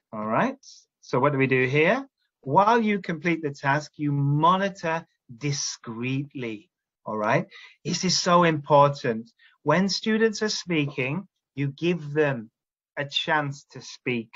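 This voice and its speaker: A man's voice: fairly high pitch, animated, takes it slowly, fairly bright tone, lo-fi sound. A man training teachers, explaining classroom steps and checking in often with "all right?". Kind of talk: instructional talk to teachers.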